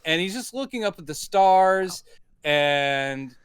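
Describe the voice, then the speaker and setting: A man with a fairly high, smooth and resonant voice, chatting casually about a movie on a podcast. He thinks aloud, hedges his points and laughs easily. The sound is close and dry. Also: expressive, slow, dry recording. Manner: thoughtful, hedging, laughs easily. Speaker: podcast co-host. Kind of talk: casual movie review chat.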